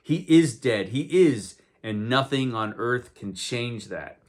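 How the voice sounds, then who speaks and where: A man's voice: medium pitch, expressive, takes it slowly. A man doing a despairing super soldier. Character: despairing grief-struck adult male super soldier.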